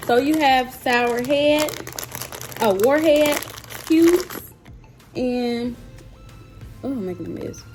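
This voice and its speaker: Her voice sitting high over music, a slow-talking Mississippi mom samples snacks for her vlog. She is chatty and playful, talking casually straight to the camera and her viewers.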